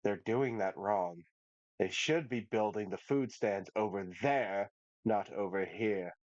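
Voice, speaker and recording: A man's voice: on the low side, takes it slowly, darkish tone, no echo, voice pushed down. A man voicing a fussy young man who micromanages, stiff and disapproving, in a tabletop game. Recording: dull lo-fi dry sound.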